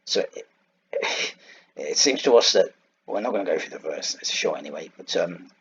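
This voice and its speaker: A man's voice: low voice, expressive, normal speed, muffled recording, a little hiss or hum. A man giving an informal Bible lesson over slides, wandering off on side points and searching aloud for the right word. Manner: digressive, thinks aloud and searches for words. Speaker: Bible teacher.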